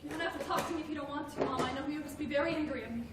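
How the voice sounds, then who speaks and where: A woman's voice: high-pitched, racing, close to an everyday voice. An actress playing a childlike, anxious grown woman who talks earnestly and stammers when upset. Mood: gentle. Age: adult. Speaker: grandmother's grown daughter. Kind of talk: film drama acting. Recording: roomy, distant film sound, faint noise.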